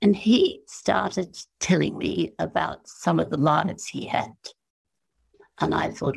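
Slow gravelly Australian woman. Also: low-pitched, darkish tone. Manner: slow, musing storyteller acting out quoted voices. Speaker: interview guest. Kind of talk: spiritual interview chat.

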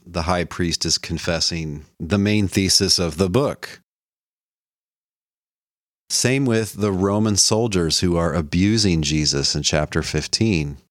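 A man's voice: sits low, dry recording, studio quality. A man giving an explanatory lecture on a biblical text in a conversational teaching manner, lifting his voice when he reads quotations. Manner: conversational teaching, quoting scripture with a lifted voice. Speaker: lecturer on the Bible.

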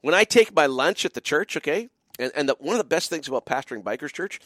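On a late-night call-in show, a middle-aged host who also pastors a biker church talks fast in a slightly high, expressive, somewhat bright voice. He rambles playfully, with lots of fillers and restarts plus mock-drawling asides, in clean studio sound with no room sound.

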